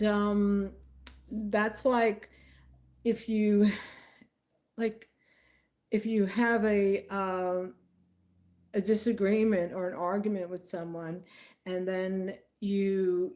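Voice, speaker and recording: A woman talking straight to the camera about family secrets, loose and chatty. She laughs often and jumps into quick, lively voices when she quotes people, at a middle pitch. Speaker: vlogger. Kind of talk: casual storytelling monologue.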